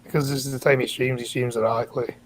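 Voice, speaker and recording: A man's voice: medium pitch, little pitch movement, very fast, low-quality recording. Dry-witted young Scottish man. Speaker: streamer. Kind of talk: casual banter on a stream.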